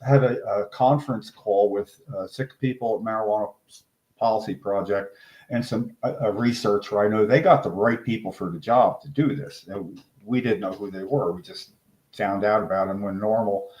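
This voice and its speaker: An older man, a guest in an interview, telling a long story in a rambling, animated way and acting out the voices he quotes. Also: lowish voice, normal speed. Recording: echoey room.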